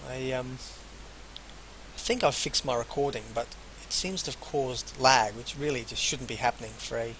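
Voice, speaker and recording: A man's voice: mid-range voice, normal speed, a bit bright, a little hiss or hum, low-quality recording. A man playing a role-playing game, reading the on-screen text aloud and adding casual offhand remarks. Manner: reads game text in full, then drops casual offhand asides. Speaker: let's player.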